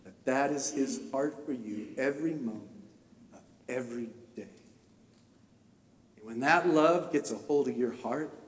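A man preaching a sermon through a personal story, talking with emotion that swells into impassioned shouting. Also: medium pitch, measured pace, pauses often. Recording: echoey hall, voice from far off.

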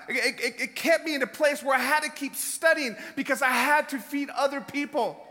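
High, bright-voiced impassioned male preacher. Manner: impassioned, shouting exhortations with chuckles. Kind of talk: sermon. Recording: reverberant hall.

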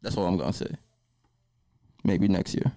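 A man's voice: low-pitched, normal speed, dark tone. A man co-hosting a podcast in casual chat, playful and teasing. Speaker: podcast co-host. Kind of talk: casual chat and joking freestyle.

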